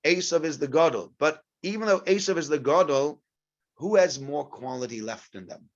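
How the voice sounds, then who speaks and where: A middle-aged man leads an informal lesson as a rabbi, his voice sitting a touch high. He tells stories with animation and slips into the characters, peppering his talk with Yiddish words. The recording is muffled and lo-fi. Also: lively intonation, moderate pace. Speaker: rabbi giving a class. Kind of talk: informal Torah lesson with storytelling. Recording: dull lo-fi recording.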